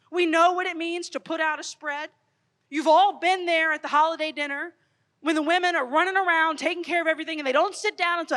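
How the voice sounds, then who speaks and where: Lively woman speaker at a youth conference, high voice, goes big then quiet, long echo off a big hall. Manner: expressive, storytelling, swings from loud to hushed. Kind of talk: animated Catholic youth talk. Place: large hall.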